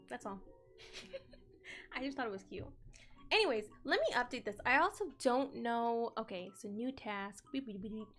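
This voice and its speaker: High-voiced giggly young woman streamer. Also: a bit bright. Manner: giggly and chatty, reads chat aloud. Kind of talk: casual co-working stream chat.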